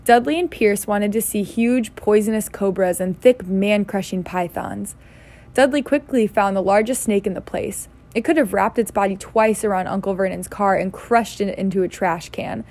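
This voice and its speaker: Woman, casual reading aloud, novel, occasional stumbles, self-correcting, relaxed. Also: mid-range voice, normal speed. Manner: stumbles and laughs at her slips. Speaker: reader.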